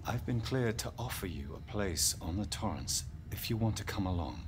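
An actor playing a calm, composed company official in a video game, speaking in a measured, polite and formal way. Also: male voice, fairly low pitch, lightly acted. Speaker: game character. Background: loud game music.

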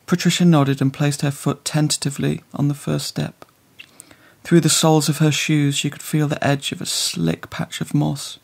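Guy reading an audiobook, measured and literary, bit of vocal fry. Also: fairly high pitch, little pitch movement. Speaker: audiobook narrator. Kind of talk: scripted narration.

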